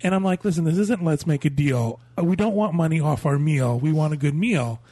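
A man's voice: on the high side, animated, a little fast, mellow, slightly rough, no room sound. A man on a podcast recounting a story in casual chat, matter-of-fact. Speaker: podcast co-host.

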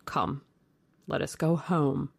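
A woman voicing a suave, worldly male aristocrat in a storybook reading, calm and measured. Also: deep voice, creaky, husky, dry recording, voice pushed down, full character voice. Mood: sober.

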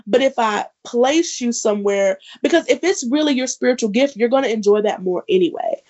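A woman's voice: on the high side, animated, a little fast, a little mellow, dull audio. A woman co-hosting a casual church-talk podcast, talking freely with lots of "like" and "um". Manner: talkative, frequent "like" and "um" fillers. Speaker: podcast co-host.

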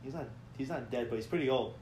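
A man co-hosting a casual chat podcast, speaking in a laid-back, halting way full of fillers. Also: mid-range voice, darkish tone, a little hiss or hum. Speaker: podcast co-host, drummer. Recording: echoey room.

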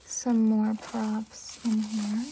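A young woman in a soft, chatty, giggly whisper, giving an ASMR house tour of her home. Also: fairly high pitch, very slow. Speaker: ASMR creator. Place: home, indoors. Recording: steady background hiss with clicks.

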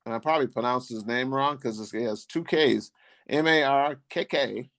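A man co-hosting a podcast, talking casually about basketball in a rambling, halting way with many restarts. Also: mid-range voice, fairly bright tone, no echo. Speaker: podcast co-host. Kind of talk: casual sports chat.

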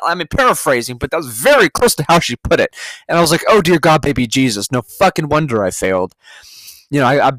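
A man's voice: fairly high pitch, a bit bright, dry recording. Guy from california ranting on his podcast, swears a lot, sarcastic, dry close mic. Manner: profane, sarcastic storytelling with laughs. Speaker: podcast host. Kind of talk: casual ranting monologue.

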